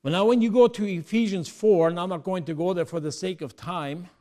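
A man preaching a sermon, moving between quiet asides and loud, emphatic peaks, often asking the congregation rhetorical questions. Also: high voice, a little fast.

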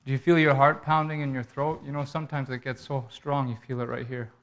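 A man's voice: mid-range voice, little pitch movement, brisk. A man preaching a sermon, telling a story in an earnest way and making pleading appeals to his listeners.

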